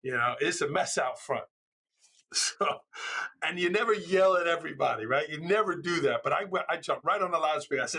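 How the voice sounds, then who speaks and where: A middle-aged man, a school administrator telling stories in a passionate, loud, conversational way. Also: on the high side, moderate pace, gravelly, slightly rough. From New York. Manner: passionate, loud, storytelling with animated quoted voices. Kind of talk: conversational interview.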